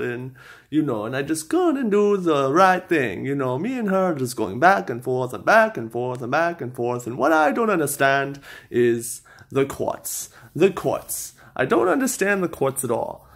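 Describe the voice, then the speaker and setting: A man putting on a comic Borat-style accent for a ranting monologue, full of halting repetitions. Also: on the high side, very animated, a bit bright, heavily acted. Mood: indignant rant.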